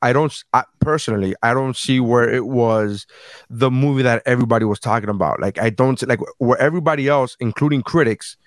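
A man's voice: mid-range voice, brisk, no echo, studio quality. A man hosting a casual chat show, talking in a rambling, profane and self-deprecating way. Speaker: podcast host.

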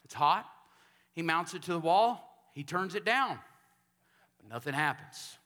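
A man from Texas, a pastor preaching a sermon in a church sanctuary, telling stories and building up to shouted calls for amens. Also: a little high, lively intonation, measured pace.

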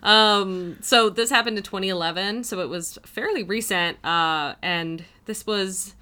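A woman's voice: medium pitch, unhurried, pushed and bright, clear, resonant tone. A woman in her late twenties co-hosting a true crime podcast in casual, chatty talk, with many filler words and giggly asides. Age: late 20s. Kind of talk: casual chat.

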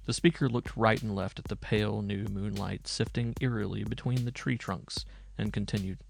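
Low gravelly male narrator. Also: steady tone, a little hiss or hum. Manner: measured, dramatic reading. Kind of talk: scripted storybook narration.

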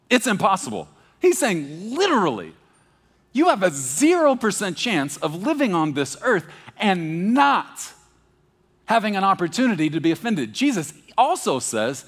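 A Texas pastor preaches a sermon, swinging between hushed, slow emphasis and animated, emphatic stretches. His male voice runs on the high side and carries a long hall reverb.

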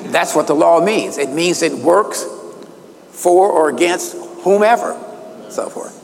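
Emphatic preacher in an echoey hall. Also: male voice, on the high side, expressive, vocal fry. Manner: emphatic, stretches key words slowly. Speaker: minister. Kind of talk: sermon teaching from notes.

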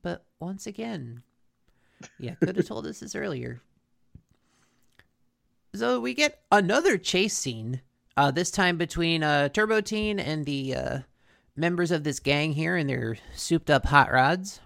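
Rambling woman with a gravelly voice. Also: deep voice, expressive, measured pace, long pauses, a bit bright. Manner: rambling, filler-heavy storytelling with frequent restarts. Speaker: podcast co-host recapping a cartoon episode. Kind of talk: casual chat.

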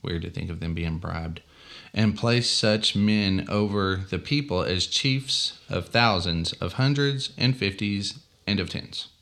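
A man's voice: sits low, unhurried, creaky, fairly bright tone. A man co-hosting a casual faith podcast who reads scripture aloud and drops dry, joking asides. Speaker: podcast co-host.

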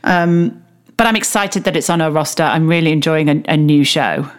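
A woman's voice: deep voice, normal speed, smooth. Woman in her 30s, candid chatty podcast co-host, laughs easily. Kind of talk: casual chat about reality TV.

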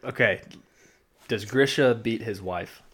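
A man's voice: on the low side, slow pace, a bit bright, husky. A man co-hosting a podcast, bantering casually, teasing his partner and turning earnest about the episode. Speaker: podcast co-host. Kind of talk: casual recap chat.

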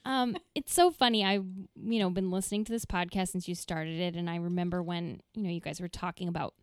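A podcast guest from Minnesota, chatting in a friendly, rambling way full of fillers. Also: female voice, on the low side, steady tone, brisk, smooth, no room sound, studio quality. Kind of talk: casual chat.

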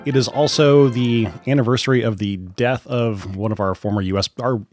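A man's voice: mid-range voice, steady tone, darkish tone, no echo, soft background music. Midwestern man opening a podcast. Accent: Midwestern American. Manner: measured, stammers on repeated words. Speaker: podcast host.

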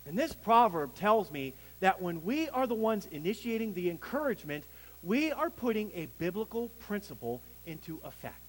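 A man delivers a sermon as pastor with a lively, somewhat high voice that swells and falls. His delivery has emphatic peaks, and it carries a long church-hall reverb over a faint hum. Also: moderate pace. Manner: preaching with emphatic swells and drops, some restarts.

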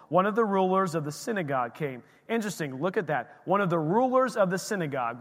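A man in his thirties, a pastor preaching a sermon, emphatic, repeating key phrases and swinging between quiet and loud. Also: on the high side. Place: church sanctuary. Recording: long reverb of a church hall.

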